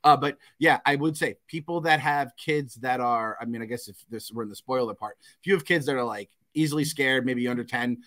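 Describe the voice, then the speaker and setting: A man in his thirties with a bright, mid-range voice, co-hosting a podcast in loose, casual chat. He tells family stories with a lot of energy, swears often and breaks into laughter mid-sentence. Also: medium pitch, a little fast, hardly any pauses. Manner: animated, profane, laughs while telling stories. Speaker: podcast co-host.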